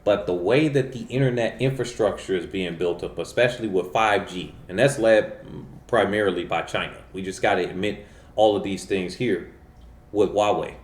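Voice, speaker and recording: Rambling, animated man in a roomy space. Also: sits low, moderate pace. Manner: animated, rambling, with many fillers and self-corrections. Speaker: channel host. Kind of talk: casual monologue commentary. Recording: roomy echo.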